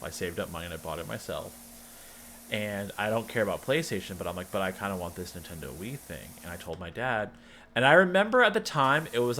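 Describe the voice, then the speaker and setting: On a livestream, a man who streams wanders through a personal story in casual, chatty fashion, wryly cutting himself off and starting over. He speaks at a fairly low pitch in a pushed, bright voice, with slight noise in the background.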